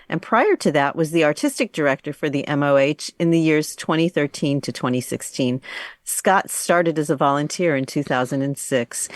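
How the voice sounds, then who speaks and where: A woman hosts an arts radio show, reading the guest's introduction in a welcoming tone. Her voice is very low for a woman, recorded close and dry with no room sound. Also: dry recording. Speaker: radio host.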